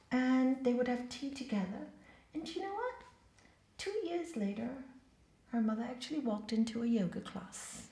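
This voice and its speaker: A woman gives a spiritual talk as a yoga teacher, telling stories with emphatic, animated delivery. Her voice sits fairly high. The hall around her adds a clear echo. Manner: animated storyteller acting out quoted voices, emphatic. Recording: echoey hall.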